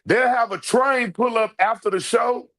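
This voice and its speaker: A man hosting a livestream with animated commentary, talking loudly and emphatically to his viewers, repeating himself and swearing freely. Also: very high voice, normal speed. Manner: loud, emphatic, repetitive, profane banter to viewers. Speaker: livestream host.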